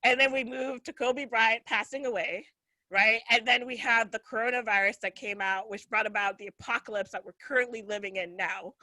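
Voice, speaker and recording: A woman's voice: a little high, steady tone, brisk, bright, forceful tone, no room sound, low-quality recording. A woman performing a profane stand-up comedy set, often laughing at her own jokes.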